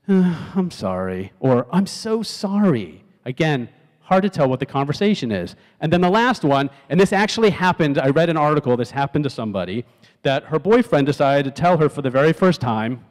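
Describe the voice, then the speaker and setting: Man talking in a reverberant auditorium. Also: medium pitch. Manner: conversational, asks the audience questions, acts out text messages in different tones. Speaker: speaker giving a talk. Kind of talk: live stage talk to a youth audience. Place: large auditorium. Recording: long hall reverb from the auditorium.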